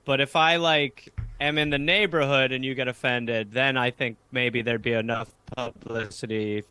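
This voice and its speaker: An American man, a comedian guest, chatting casually over a video call, riffing animatedly with rapid asides and swearing. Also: medium pitch, steady tone, sharp tone, smooth, no room sound. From United States. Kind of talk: casual chat.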